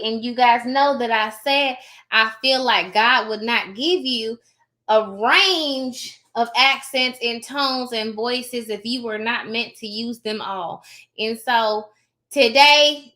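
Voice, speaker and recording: A woman's voice: on the high side, sharp tone. A woman with a put-on Southern US accent, chatting casually to her live-stream viewers, emphatic and talkative and often tagging on a questioning "okay?". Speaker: notary host of a live stream.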